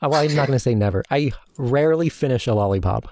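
Very low-voiced, dry-spoken woman. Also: animated, fast, mellow, no echo. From California. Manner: dry, matter-of-fact, runs the list. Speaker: podcast co-host. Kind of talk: casual chat.

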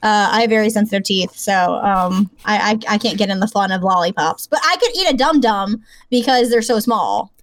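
A woman's voice: medium pitch, normal speed, few pauses, no echo. A young woman with a light Southern American accent, chatting casually and giggling as a podcast co-host. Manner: chatty, giggly, rambling with fillers. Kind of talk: casual chat.

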